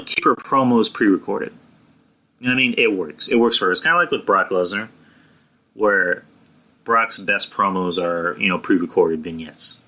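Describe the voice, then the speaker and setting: A man's voice: on the low side, pushed and bright, rough recording. A young man reviewing a wrestling show on his podcast, rambling and blunt, with frequent restarts, fillers and swearing. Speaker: podcast host.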